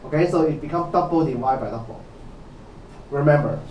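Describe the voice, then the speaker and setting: A man's voice: fairly high pitch, a little fast, darkish tone, slight background noise. A man lecturing on programming, who often checks with "okay?" and quizzes his students. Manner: repetitive, asks students questions, many "okay"s. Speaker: university lecturer. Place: lecture hall. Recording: echoey lecture hall, mic at a distance.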